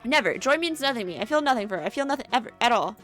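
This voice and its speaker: A brooding male villain, as a woman puts him on, self-serious and grandiose in every line. Fairly high voice under faint music. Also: expressive, rapid-fire, a bit bright. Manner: melodramatic, grandiose declarations.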